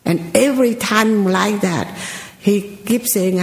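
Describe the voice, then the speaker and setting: A woman giving a Buddhist teaching as a storytelling sermon, with slow, repetitive phrasing and rhetorical questions. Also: medium pitch, reverberant, low-quality recording.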